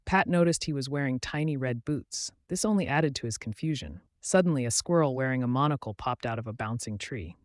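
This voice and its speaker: A man narrating children's stories in a playful, expressive way. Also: mid-range voice, fairly quick, few pauses, dry recording, studio quality. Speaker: storyteller. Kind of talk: scripted children's story narration.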